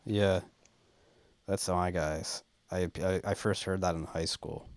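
A man's voice: low voice, fairly even intonation, takes it slowly, dry recording, clean studio sound. A man chatting casually on a podcast, telling meandering anecdotes and laughing easily. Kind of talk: casual chat.

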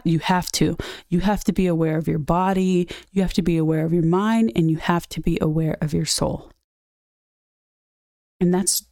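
Young female podcast host, candid and profane, low mellow voice, dry close sound. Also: no echo. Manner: candid and blunt, swears freely. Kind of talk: casual personal vent.

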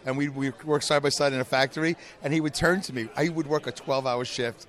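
Fast-talking joking podcast host. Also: male voice, mid-range voice, steady tone. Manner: joking, teasing, self-mocking. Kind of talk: casual chat. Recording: crowd noise behind.

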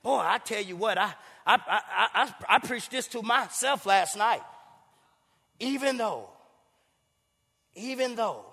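A man preaching a sermon in a church, impassioned and sing-song, rising to shouts. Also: high-pitched, moderate pace, vocal fry, hardly any pauses, husky. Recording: reverberant hall.

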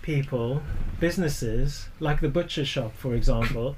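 A man's voice: mid-range voice, a little slow, darkish tone, a little hiss or hum. A man from South Africa chatting casually as a podcast co-host, telling stories with laughs. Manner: laughing storyteller, acts out voices in anecdotes. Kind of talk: casual chat.

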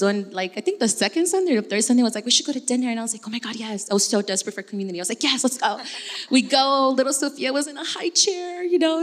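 Young woman, lively storyteller, casual testimony, hall reverb. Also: fairly high pitch. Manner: animated, storytelling, acts out quoted dialogue. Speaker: church member sharing testimony. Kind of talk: personal testimony in casual talk.

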